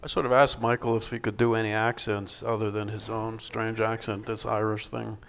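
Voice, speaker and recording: Older man with a gravelly, thoughtful voice. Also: lowish voice, flat delivery, normal speed, a little hiss or hum. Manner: thoughtful, wry, many restarts. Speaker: film director. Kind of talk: panel discussion answers. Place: film festival panel stage.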